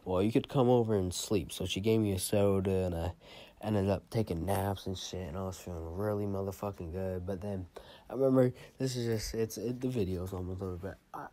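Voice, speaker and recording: Brief: low, dark-toned young guy, slangy storyteller, a bit high. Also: steady tone, a little fast. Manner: rambling, profane, slangy. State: a little high. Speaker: vlogger. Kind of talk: casual storytime.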